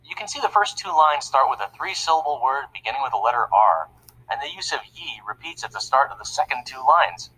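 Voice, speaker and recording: An upbeat, chatty young cartoon explainer, walking kids through a topic in plain words. His voice swings up and down a lot, bright and a bit husky at the edges, and it stays friendly throughout. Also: medium pitch, big pitch swings, fairly quick, exaggerated voice, poor audio. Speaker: narrator of an educational cartoon. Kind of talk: scripted educational narration.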